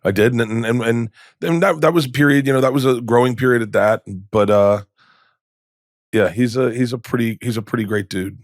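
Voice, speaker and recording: A man's voice: mid-range voice, fairly quick, dry recording, studio quality. A middle-aged man, a comedian guest, telling candid stories in a podcast interview, rambling and restarting, with emotion showing through.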